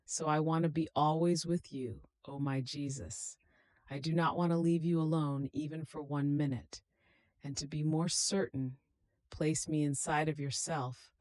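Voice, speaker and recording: Devotional reading, solemn, meditative, unhurried, dry close recording. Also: mid-range voice, a little mellow, no echo. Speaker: devotional reader.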